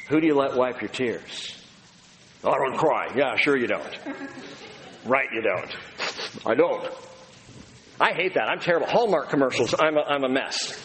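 A man's voice: fairly high pitch, a bit bright. Man preaching a sermon in a reverberant church. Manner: conversational, humorous, with acted quotes. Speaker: pastor. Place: church sanctuary. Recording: long hall reverb, faint room noise.

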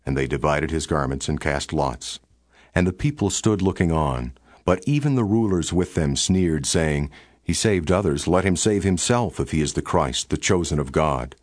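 A man narrating a Bible passage in a steady, formal storytelling cadence. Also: a bass voice, moderate pace, no room sound, studio quality. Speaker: scripture narrator. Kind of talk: scripted Bible reading.

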